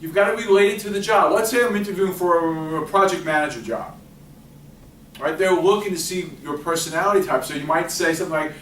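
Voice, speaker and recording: Male workshop presenter, slightly high voice, lively interactive delivery, recorded from a distance in an echoey library room. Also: fast. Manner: lively, chatty, asks the audience questions. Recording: echoey room, distant mic, faint noise.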